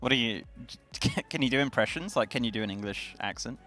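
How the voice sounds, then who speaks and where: Easygoing man asking questions, lively pitch. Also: fairly quick, soft background music. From United Kingdom. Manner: inquisitive, easygoing, laughs often. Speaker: stream co-host. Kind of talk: casual chat.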